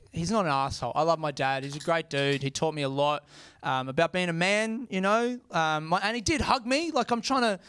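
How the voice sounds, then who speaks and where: A man's voice: high-pitched, fairly bright tone. A young Australian man doing a stand-up comedy set on a club stage, crude and self-mocking, often breaking off to laugh at himself. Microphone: handheld stage mic.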